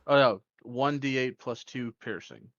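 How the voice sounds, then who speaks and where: A man at a mid pitch playing a tabletop game. He is unsure and keeps asking what to roll. His voice is recorded dry on a dull, lo-fi mic. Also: a little slow, a bit bright, no echo. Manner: unsure, asks about the rules. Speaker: player. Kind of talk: casual tabletop play over voice chat.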